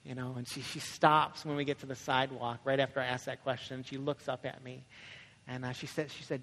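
A man's voice: mid-range voice, little pitch movement, a little fast, fairly bright tone. A young man preaching a conversational sermon as a pastor, often asking "right?" and telling stories. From Michigan, USA. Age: young adult. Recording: echoey hall with long reverb.

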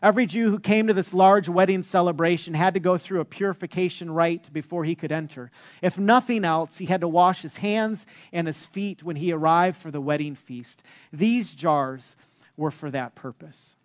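A man's voice: high voice, normal speed. A middle-aged man preaching a sermon, telling stories with humor and frequent fillers like "uh" and "um". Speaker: pastor.

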